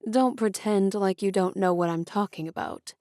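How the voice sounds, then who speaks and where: A woman's voice: medium pitch, moderate pace, mellow, no echo, studio quality, lightly acted. A woman voicing a charming, arrogant young male officer who talks in a smug, teasing way.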